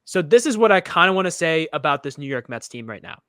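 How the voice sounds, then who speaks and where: A man's voice: a little high, sing-song, fast, a bit bright, smooth, no room sound, studio quality. A young man from the United States co-hosting a casual sports chat, opinionated and rambling, often restarting his sentences. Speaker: podcast co-host.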